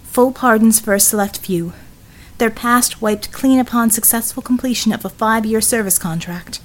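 A woman narrating an audiobook in a measured, scripted style. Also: a little high.

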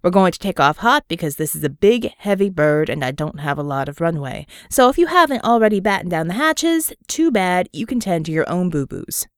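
A woman voicing a gruff, no-nonsense male pilot with a curt, sardonic manner. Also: on the low side, very animated, fairly quick, hardly any pauses, no room sound, studio quality.

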